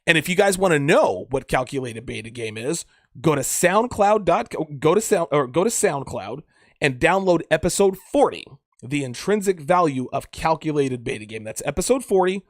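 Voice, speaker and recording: A man's voice: on the high side, expressive, moderate pace, no echo, studio quality. A man hosting a dating advice podcast, talking in a blunt, profane, emphatic way and often repeating himself. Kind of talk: crude casual monologue.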